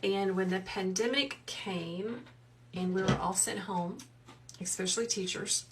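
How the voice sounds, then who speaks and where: A woman, hosting a live wreath-making tutorial in a soft, soothing, chatty way while she reads out viewers' comments. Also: mid-range voice, distant mic, slight background noise. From South Carolina. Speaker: wreath maker and livestream host. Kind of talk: live craft tutorial chat.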